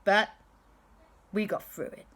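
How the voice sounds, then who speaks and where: A woman's voice: takes it slowly, a bit bright. A woman doing an eager, gushing friendly man.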